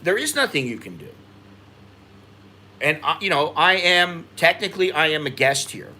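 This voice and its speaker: An American man hosting a casual livestream, venting with frustration and climbing in pitch as he gets worked up. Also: very animated, normal speed, pushed and bright. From United States. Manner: frustrated venting, rising in pitch when agitated. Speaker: expat livestream host.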